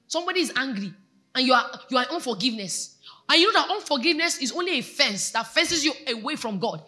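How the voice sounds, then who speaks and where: A woman's voice: high-pitched, lively intonation, quick pace, bright, forceful tone. A Nigerian woman pastor preaching a sermon, exhorting her congregation and asking them questions. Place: church.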